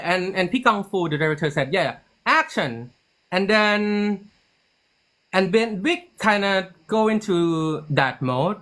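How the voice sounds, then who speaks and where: A series writer and producer spins a story during a relaxed interview, speaking slowly. His pitch swings widely as he performs the dialogue he quotes, and his loose, chatty delivery is full of restarts and "like."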